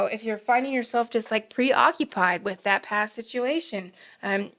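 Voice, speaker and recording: A woman giving a gentle, reflective pick-a-card tarot reading, with frequent fillers as she goes. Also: a little high. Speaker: tarot reader.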